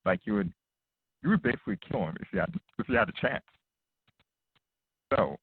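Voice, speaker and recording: A man's voice: on the low side, animated, a little fast, husky, dry recording. A man calling into a talk show, explaining his point in a hesitant, fumbling way. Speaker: caller. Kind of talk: call-in argument. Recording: dry, tinny phone-line audio.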